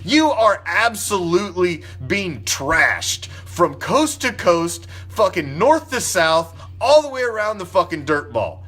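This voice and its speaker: A man with a high, bright, forceful voice swings his pitch wildly as he rants about sports, cursing freely and hammering every point. Faint music plays underneath. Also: very animated, slow pace, hardly any pauses. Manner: profane, heated, emphatic. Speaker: sports talk commentator. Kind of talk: fired-up sports opinion rant.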